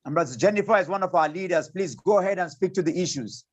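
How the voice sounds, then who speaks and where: Husky, fairly high-voiced male moderator on a video call. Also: quick pace, highs cut off. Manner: calls speakers by name, urging. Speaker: host. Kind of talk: moderating an online protest.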